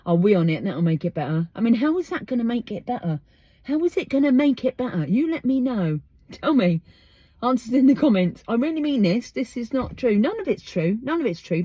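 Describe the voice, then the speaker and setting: Speaking at a medium pitch with a dark tone, an English woman hosts her podcast out in the open. It's a casual monologue, emphatic and full of rhetorical questions, and the recording is dry.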